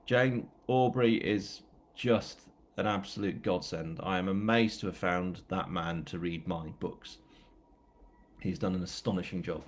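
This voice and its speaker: A man's voice: deep voice, measured pace, darkish tone. A man with a northern English accent, an author chatting casually and telling a story at a live book launch, rambling with self-mocking asides. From England.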